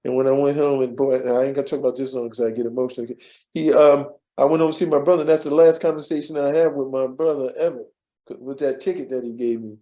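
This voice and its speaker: An older man, a former studio assistant, telling stories in a relaxed, rambling way with many restarts and fillers. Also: mid-range voice, fast, roomy sound. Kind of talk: storytelling in a casual interview.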